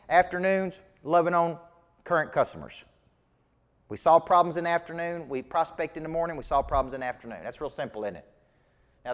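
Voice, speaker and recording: Emphatic Southern business coach, fairly high voice. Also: male voice, in a large hall. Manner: emphatic, folksy, rhetorical questions. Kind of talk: motivational seminar teaching.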